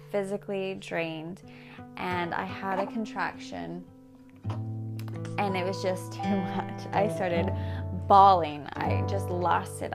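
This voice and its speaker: A young woman vlogger telling a personal story to camera, emotional and reflective, halting and restarting as she talks. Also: mid-range voice, creaky. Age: young adult. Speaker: family vlogger. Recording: soft guitar music behind.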